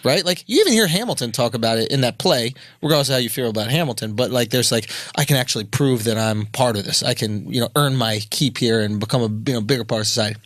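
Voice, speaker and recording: A man's voice: mid-range voice, fast talker, few pauses, no echo, clean studio sound. A man co-hosting a comedy podcast, chatting casually and swearing freely. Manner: animated, swears freely, does exaggerated quoted voices.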